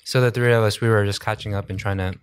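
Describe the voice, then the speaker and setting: A man's voice: lowish voice, fairly even intonation, fast, smooth. A man co-hosting a podcast in casual chat, easygoing and laughing often as he tells stories. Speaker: podcast co-host.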